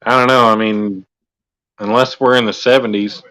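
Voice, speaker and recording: A man's voice: on the low side, steady tone, moderate pace, bright, forceful tone. Joking man on a livestream. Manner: joking, tells jokes with put-on voices. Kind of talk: casual livestream chat.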